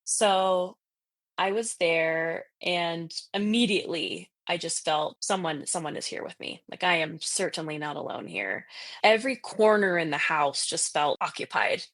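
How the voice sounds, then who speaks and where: A woman's voice: lowish voice, a little slow, a bit bright, no echo. A woman telling a ghost story in casual chat, full of "like" fillers, who acts out the voices she quotes. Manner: chatty, heavy on "like" fillers. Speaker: podcast guest telling ghost stories.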